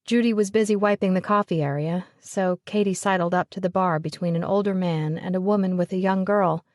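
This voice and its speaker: A woman narrating a romance audiobook in an even, measured way. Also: on the low side, no room sound, clean studio sound. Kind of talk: scripted narration of a romance novel.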